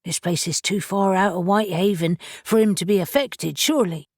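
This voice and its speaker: A woman's voice: medium pitch, a little fast, darkish tone, no room sound, studio quality, lightly acted. A woman narrator voicing a practical, sceptical man who reasons things out wryly. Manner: reasoning, wry.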